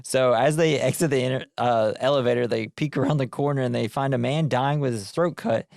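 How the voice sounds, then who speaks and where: A man's voice: mid-range voice, a little fast, creaky, darkish tone, no echo. Guy rambling through a movie recap w lots of ums and laughs, mid voice, dry close sound. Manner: rambling, filler-heavy, laughs often. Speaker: podcast co-host. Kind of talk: casual movie recap chat.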